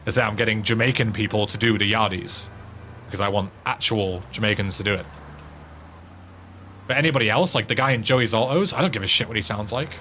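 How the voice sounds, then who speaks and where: A man's voice: on the low side, brisk, sharp tone, slight background noise. An English man streaming a game, chatting casually in a rambling way with frequent swearing and restarts. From England. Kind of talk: casual chat while playing a game.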